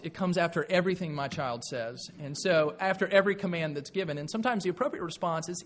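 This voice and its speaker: A man's voice: high-pitched, lively intonation, fast, a little hiss or hum. A middle-aged man, preaching a folksy, conversational sermon full of rhetorical questions. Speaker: pastor.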